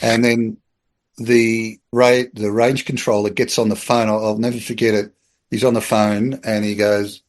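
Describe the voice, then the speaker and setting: A middle-aged Australian man, a podcast guest, telling a story in an animated, chatty way and acting out the people in it. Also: lowish voice, unhurried. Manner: animated storyteller, acts out quoted voices, chuckles. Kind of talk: casual anecdotal storytelling.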